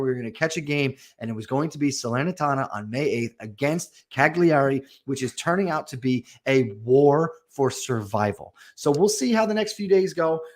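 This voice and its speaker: A man co-hosting a sports podcast, laying out his analysis in easy, chatty talk. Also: mid-range voice. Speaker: podcast co-host. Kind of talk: casual sports chat.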